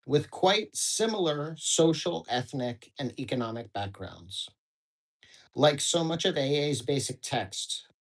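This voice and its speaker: A man's voice: medium pitch, low-quality recording. A man from the United States hosting a daily book study, reading passages aloud and breaking off into casual, rambling, profane commentary full of fillers. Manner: casual, rambling, swears freely, many fillers.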